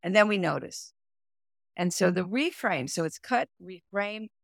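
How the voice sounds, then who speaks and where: Gravelly woman coach explaining calmly. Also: mid-range voice, measured pace, dry recording, clean studio sound. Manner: animated, explanatory, talks with her hands. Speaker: executive performance coach and therapist. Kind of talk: podcast interview, explaining. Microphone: remote audio, no camera.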